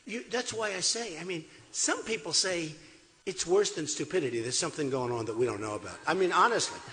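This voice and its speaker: Emphatic older man, high and lively. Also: fairly quick. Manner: emphatic, repetitive, off-the-cuff. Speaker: political candidate. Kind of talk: campaign rally speech. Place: large resort hall. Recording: echoey hall.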